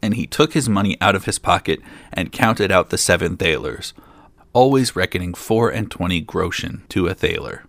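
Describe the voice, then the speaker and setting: Deep gravelly man reading fairy tales. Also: animated, normal speed, fairly bright tone, no echo. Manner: dry, lightly joking asides. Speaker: storyteller host. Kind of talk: reading a fairy tale aloud.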